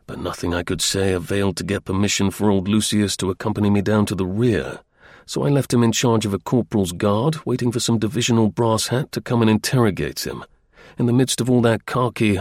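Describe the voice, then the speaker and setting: A man narrating a first-person adventure story as an audiobook in a measured, even storytelling manner, with a husky voice. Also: lowish voice, no echo, studio quality.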